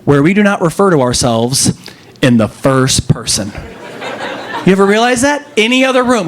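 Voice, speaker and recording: High-voiced animated male stand-up comic. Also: moderate pace. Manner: animated storytelling, jumps to high pitch for punchlines. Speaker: stand-up comedian. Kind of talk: stand-up comedy set.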